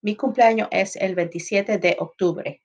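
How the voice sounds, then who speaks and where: A woman's voice: mid-range voice, moderate pace, rough recording. A woman teacher giving a recorded Spanish lesson, explaining patiently and moving between English and Spanish examples. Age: adult, not young.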